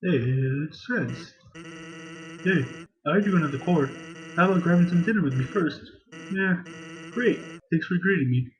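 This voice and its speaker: A man voicing an easygoing male skeleton from a video game who tells jokes in a relaxed, drawling way. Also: high-pitched, normal speed, long pauses, muffled recording. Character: laid-back male skeleton joker, easygoing.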